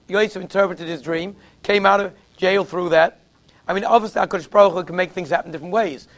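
This is a rabbi preaching in a high, slightly bright voice. His sermon unfolds as casual, anecdotal storytelling laced with Yiddish and Hebrew terms.

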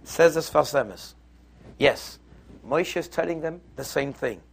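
A man's voice: fairly high pitch, lively intonation, slow pace, vocal fry, husky. A man giving a Torah lesson, explaining texts step by step in a conversational, storytelling way. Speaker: Torah teacher.

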